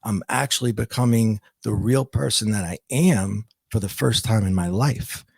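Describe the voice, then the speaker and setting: Gravelly middle-aged man telling his story. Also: on the low side, dry recording. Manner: halting, with frequent restarts and repeated words. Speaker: podcast guest. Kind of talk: reflective personal storytelling.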